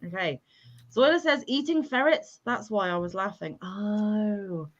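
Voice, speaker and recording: Hosting a casual livestream chat, a woman reads viewer comments aloud and jokes at her own expense, laughing often in a self-deprecating way. Her voice is medium-pitched and unhurried, and the audio sounds dull.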